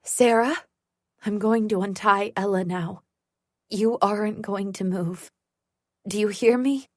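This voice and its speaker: A woman's voice: on the high side, normal speed, no echo, studio quality, close to an everyday voice. A woman voicing a protective mother who speaks firmly and commandingly. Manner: firm and commanding. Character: protective mother, fierce and steady.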